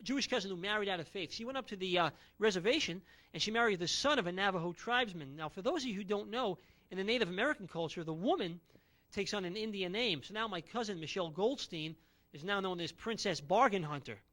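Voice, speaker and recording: Brash high-voiced comedian, bright tone. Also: male voice, lively intonation, quick pace. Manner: brash, punchy one-liners. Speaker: stand-up comedian. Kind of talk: stand-up comedy routine without an audience.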